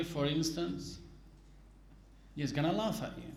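Slow-spoken man teaching in an echoey room. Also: on the high side, animated. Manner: deliberate, explaining with everyday examples. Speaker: Islamic teacher. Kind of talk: religious lesson.

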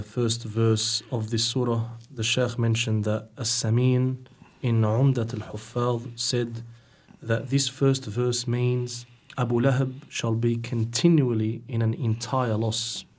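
A man hosting a program, explaining recitation rules to listeners with frequent pauses and fillers. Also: medium pitch, darkish tone. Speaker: program host and interpreter. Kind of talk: explaining a lesson to radio listeners.

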